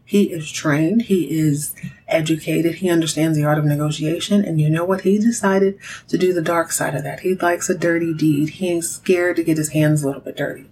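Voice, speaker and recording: A woman with a slightly low voice recaps a soap episode in casual chat. She tells it with sass and animation and keeps turning to address her listeners directly. A faint rumble sits under her voice. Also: moderate pace, rough recording. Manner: sassy, animated storytelling with direct asides to listeners. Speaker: podcast host.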